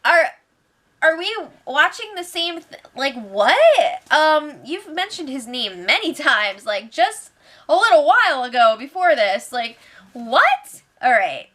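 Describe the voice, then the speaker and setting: A woman's voice: high voice, big pitch swings, takes it slowly, bright, forceful tone. A young woman hosting a casual recap show, chatty and sarcastic, laughing often and acting out what people said.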